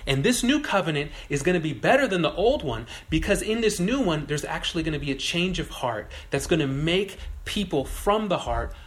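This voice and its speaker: A man with a fairly high voice preaching a sermon. He talks in a loose, conversational way and tells everyday stories to make his point. He keeps turning to the room with quick questions. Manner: conversational, animated storytelling with audience questions. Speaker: pastor.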